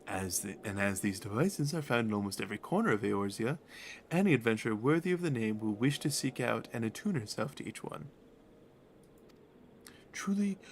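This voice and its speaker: A man voicing a poised female game guide, reading her lines in a formal tone, with a gravelly edge. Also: medium pitch, a little hiss or hum.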